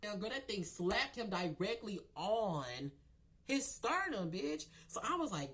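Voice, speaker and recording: A man's voice: high voice, a little slow. Man, casual storytime vlog, sassy, gossipy, chatty. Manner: sassy, gossipy, addresses viewers as girl and y'all; animated with laughs and sudden loud outbursts. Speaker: storyteller vlogger.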